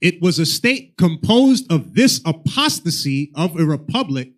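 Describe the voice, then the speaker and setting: Reader, man, high voice with a wide swing, reads word lists aloud, halting. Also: big pitch swings. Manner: halting, reads words out one by one. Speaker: reader in a class. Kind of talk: reading definitions aloud.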